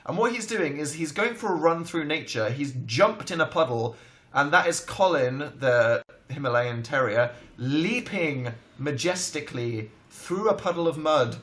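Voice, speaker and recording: A young Englishman hosting a livestream from home, telling stories in an animated, self-mocking and dramatic way. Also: a little high, a little slow. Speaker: livestream host. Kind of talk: casual storytelling chat. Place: home, indoors.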